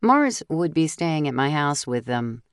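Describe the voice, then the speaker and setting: A woman with a notably low, deep voice reads a first-person mystery audiobook. She tells the story in a steady, clear way and voices the other characters' lines. The recording is close and dry, with no room sound. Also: unhurried, dry recording. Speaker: audiobook narrator.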